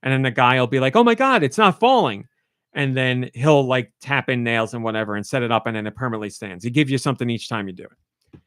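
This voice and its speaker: A man hosting a podcast in casual chat, telling stories with animated quoted voices. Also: quick pace, clean tone, dry recording, studio quality. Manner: animated storytelling, voices quoted lines in a high excited pitch. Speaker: podcast host.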